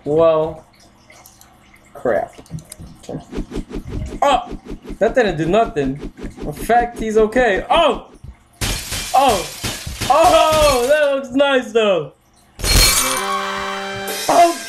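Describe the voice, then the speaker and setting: A gaming video host giving loose let's-play commentary, yelping, shouting and laughing while taunting the characters on screen. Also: mid-range voice, very slow, long pauses, over music. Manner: excitable, yelps and shouts, frequent laughs; talks to game characters, taunting.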